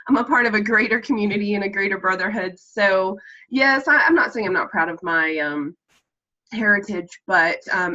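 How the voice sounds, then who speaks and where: A woman from Texas, USA, with a mild Texan accent chats earnestly as a meeting participant on a casual video call, rambling with lots of ums. Her medium-pitched voice sounds pushed and bright, picked up by a computer mic with slightly muffled call audio.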